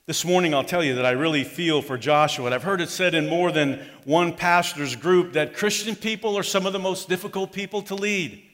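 A man with a high voice preaches a sermon in a relaxed, conversational way. He slips into mock grumbling voices to act out complaints. His voice rings on in a long church-hall reverb. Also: brisk, hardly any pauses. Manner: conversational, acts out the complaints of the crowd. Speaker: pastor.

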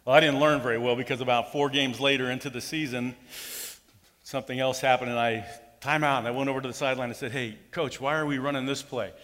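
A man's voice: mid-range voice, fairly even intonation, fast talker, fairly bright tone, big-room sound. A middle-aged man preaching a sermon in a folksy way, telling personal stories and acting out quotes. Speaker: pastor.

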